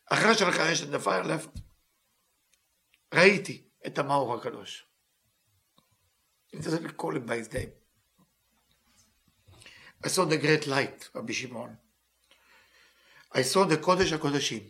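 Guy teaching live, reads a line then translates it in broken english, quick and bright, kinda high voice. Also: animated. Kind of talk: live text lesson, reading and translating.

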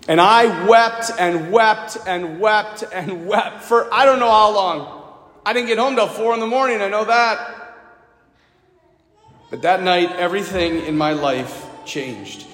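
A man's voice: sits high, a little slow, fairly bright tone. A male priest preaching a sermon, sharing a personal story and asking the congregation direct questions. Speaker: Catholic priest. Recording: echoey hall with long reverb.

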